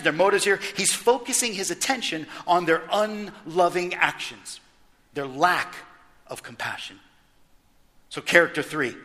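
A man preaching a sermon as pastor, animated and emphatic, throwing rhetorical questions at his congregation. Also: sits high, long reverb tail.

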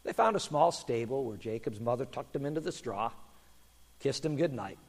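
A man pastor telling a children's sermon story in an animated way, then praying quietly. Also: mid-range voice, moderate pace. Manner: animated storyteller, hushed in prayer. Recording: long hall reverb.

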